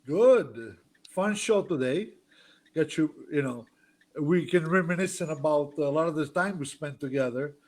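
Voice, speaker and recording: A man hosting a casual talk show in a relaxed way, reminiscing with his guests. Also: a little high, a little slow. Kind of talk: casual chat.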